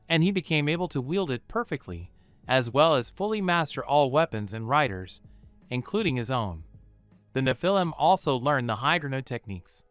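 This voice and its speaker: Male narrator, smooth and lively, dry close sound, steady story reading. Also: mid-range voice, dry recording. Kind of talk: scripted narration of a fan story.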